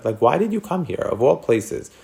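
A man's voice: mid-range voice, very animated, moderate pace, vocal fry, warm tone. A man teaching a text class on scripture, asking his students questions and thinking aloud as he explains. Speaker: Torah teacher.

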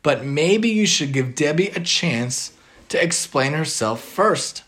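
A man voicing a calm father gently advising his upset daughter. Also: a little high, slow pace. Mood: gentle.

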